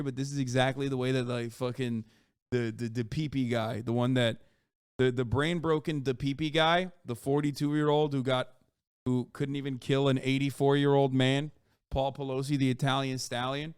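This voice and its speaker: Profane streamer with a smooth voice. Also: male voice, mid-range voice, steady tone, normal speed, no room sound, studio quality. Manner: profane, mocking rant. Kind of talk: casual livestream commentary.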